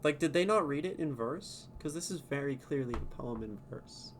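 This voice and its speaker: A man's voice: a little high, lively intonation, moderate pace, noisy background. A man streaming live who reads a poem aloud and then chats casually with viewers, laughing often.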